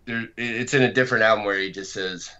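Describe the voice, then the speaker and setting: A man with a low, bright and forceful voice talks in a loose, chatty way. He laughs easily and pokes fun at himself as the conversation rolls along. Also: steady tone, fast talker. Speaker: co-creator and podcast guest. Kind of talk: casual conversation.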